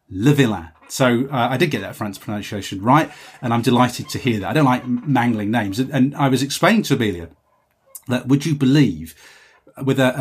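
Guy hosting a podcast, mid-pitched, a bit husky, rambles and corrects himself a lot. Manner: chatty, rambling, self-correcting. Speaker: podcast host. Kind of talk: casual chat reading listener messages.

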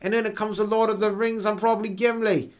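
A man's voice: sits high, little pitch movement, fast, voice pushed up, natural voice. A man voicing a snooty, nasal male British rapper who boasts in silly rhymes. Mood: boastful. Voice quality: nasal, talks through the nose.

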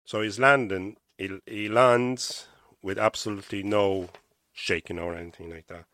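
A man's voice: fairly low pitch, steady tone, normal speed, fairly bright tone, no echo, clean studio sound. A man with an Irish accent hosting a podcast, reading from a diary aloud with stumbles and casual asides. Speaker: podcast host.

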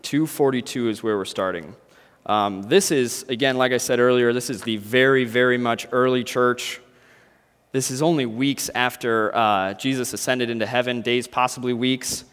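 A man preaching a sermon in a relaxed, storytelling way, breaking into impressions to make his point. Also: medium pitch, moderate pace, clear, resonant tone, long reverb tail. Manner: casual, storytelling, animated impressions.

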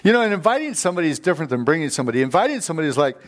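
A man's voice: on the high side, very animated, rapid-fire. A middle-aged man preaching a sermon as a guest speaker in a church. He tells stories with energy and keeps calling out for amens from the congregation. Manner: fired-up, storytelling, calls for amens. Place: church sanctuary.

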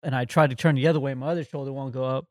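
A man's voice: medium pitch, steady tone, very fast, darkish tone, no echo, clean studio sound. A man co-hosting a podcast, telling a story in a rambling casual way with lots of "like". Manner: rambling, full of "like" and "um". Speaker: podcast co-host.

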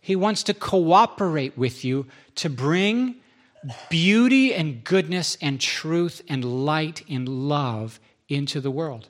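A male pastor delivering a sermon in a somewhat high voice. He runs through numbered points, repeats key lines for emphasis and drops in joking, self-deprecating asides. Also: lively intonation, slow pace.

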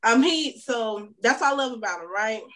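A woman chatting casually on a podcast, telling animated stories about her husband and acting out his lines. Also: a little high, normal speed, poor audio. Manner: animated storytelling, acts out quotes, laughs often. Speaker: podcast guest, host's wife. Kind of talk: casual chat.

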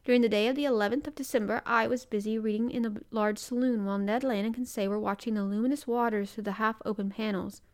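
A woman reads a classic adventure novel aloud at a measured, careful pace. Her voice sits a little high, and she stumbles over a word now and then. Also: fairly even intonation. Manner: measured, careful reading with small slips. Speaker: reader.

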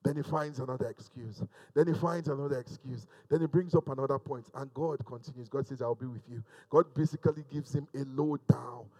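A man's voice: mid-range voice, fairly quick, few pauses, dark tone, low-quality recording. A male pastor preaching a sermon in a church service, emphatic and repeating phrases for emphasis.

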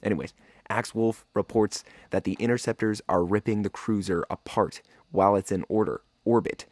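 A male podcast host giving a casual, excitable episode recap in a slangy style, often saying "dude". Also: lowish voice, normal speed, no echo, clean studio sound.

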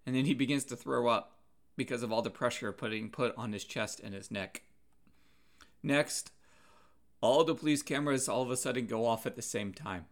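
A man preaching a sermon in an earnest, measured way, pausing now and then and restarting a word. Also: mid-range voice, gravelly.

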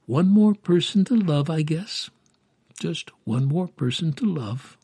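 A man voicing a kind, gentle older woman caretaker in a read story. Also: a little high, expressive, unhurried, breathy edge, no echo, full character voice. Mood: tender.

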